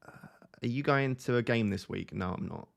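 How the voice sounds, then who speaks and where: A man's voice: mid-range voice, brisk, vocal fry. A young man with a light Essex accent, answering viewer chat in a chatty, self-mocking way on a live stream. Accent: light Essex English. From Essex, England.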